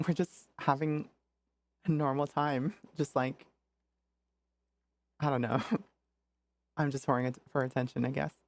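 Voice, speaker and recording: A woman's voice: extremely low pitch, steady tone, a little slow, pauses often. A woman streamer chatting casually and playfully, often laughing at herself. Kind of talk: casual livestream chat.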